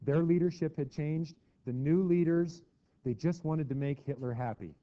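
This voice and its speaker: A man's voice: on the high side, normal speed. A middle-aged man teaching a history lesson to a class in a chatty way, acting out quotes with mock voices. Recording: dull lo-fi classroom recording.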